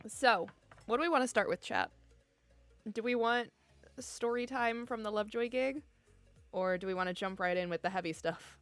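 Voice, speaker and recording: A woman's voice: medium pitch, moderate pace, a bit bright, no room sound, soft background music. A young adult woman streaming from home, chatting casually with her viewers in a giggly, easily emotional way. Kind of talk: casual chat with live viewers. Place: home room.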